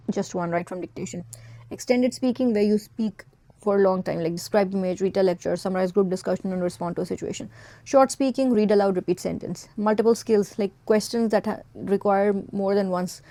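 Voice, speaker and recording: A woman's voice: medium pitch, dry recording. A woman teacher explaining an English exam's scoring step by step, defining terms and listing question types as she goes. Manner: explains step by step, defines words, lists items in a steady teaching rhythm. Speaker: English test tutor. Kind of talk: explanatory exam-prep lesson.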